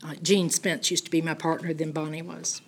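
An older woman teaching a Bible study, telling stories in a folksy, animated way and acting out the people she quotes. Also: low voice, fairly quick, a little hiss or hum.

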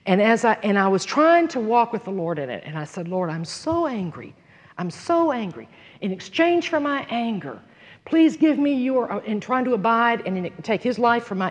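A woman teaching a sermon, earnest and emphatic, moving between loud conviction and hushed personal storytelling. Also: mid-range voice, big-room sound, lo-fi sound. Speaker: Bible teacher.

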